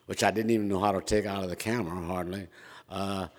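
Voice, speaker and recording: A man's voice: low voice, steady tone, fast talker. An older man from Minnesota telling a self-mocking personal story, chatty with frequent fillers. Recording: reverberant hall.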